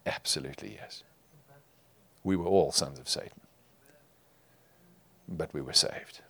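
A man preaching a sermon to his congregation, emphatic, rising loud and falling quiet. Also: a bass voice, measured pace, creaky. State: tearful while reading scripture. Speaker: pastor.

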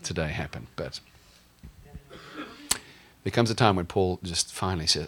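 A man's voice: sits low, normal speed, a bit bright. A male pastor preaching a sermon in a conversational, humorous way, often asking the congregation questions.

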